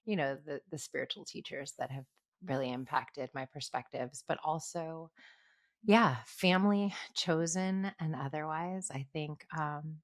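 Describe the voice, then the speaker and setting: A woman co-hosting a podcast, asking questions and answering thoughtfully in a soft, affirming way. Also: low voice, unhurried, dry recording, studio quality. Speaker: podcast co-host. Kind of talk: casual interview chat.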